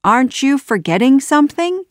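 A woman reading aloud, voicing a brave, quick-witted young man from the streets, defiant and raised in a storybook. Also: on the high side, a bit bright, dry recording, clean studio sound, voice pushed up.

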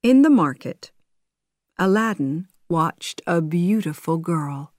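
A woman narrating a learner storybook with slow, careful reading. Her voice sits fairly low and every word is spaced out very slowly. The sound is dry and close, with no room echo. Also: lively intonation, a little mellow. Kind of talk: scripted narration of a graded reader.

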